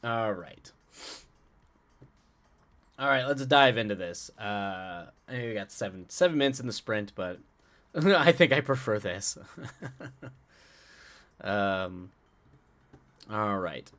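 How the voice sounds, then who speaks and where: A man hosting a live stream, chatting with viewers in a rambling, halting way full of restarts and chuckles, then reading a story aloud. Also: fairly low pitch, expressive, a bit bright. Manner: answers chat directly, playful.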